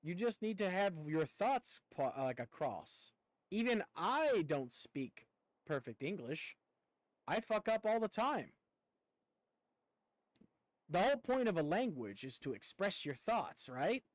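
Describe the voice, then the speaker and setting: Playing a game on stream, this young man talks loosely with his audience in a slight rural Southern drawl, rambling and cursing occasionally. He sounds high and very animated, speaking a little slowly with frequent pauses, in a low-quality recording without echo.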